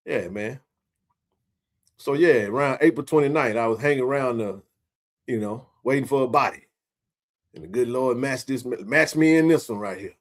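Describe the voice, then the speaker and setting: A man in his forties hosts a casual sports live stream. He jokes around and talks straight to his viewers in an animated, easygoing way. His voice sits at an ordinary middle pitch. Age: 40s. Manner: joking, animated, talks to chat readers. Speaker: sports talk stream host.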